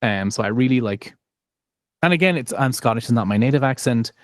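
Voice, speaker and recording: A man with an Irish accent chats about his audiobook narration work, modest and self-deprecating, often restarting his sentences. His voice sits in a middle pitch. The sound is dry and close to the mic. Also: expressive, brisk, no echo. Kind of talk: casual live chat.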